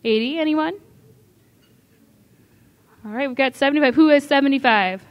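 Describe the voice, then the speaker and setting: High-voiced woman calling an auction. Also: lo-fi sound. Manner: brisk, repeats bids, coaxing. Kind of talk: live charity auction calling.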